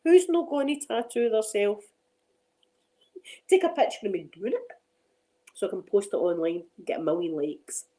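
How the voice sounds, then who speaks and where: Scottish woman, middle-aged, casual ASMR chat, rambling, laughing, warm mellow tone. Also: medium pitch, moderate pace, pauses often, poor audio. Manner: chatty, rambling, laughs often. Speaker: ASMR channel host.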